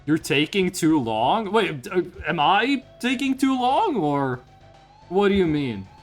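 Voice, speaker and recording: Reacting to chat during a live stream, a hyped man curses freely, his stream voice lifted into a high register with big pitch swings. He speaks slowly, and faint music plays underneath.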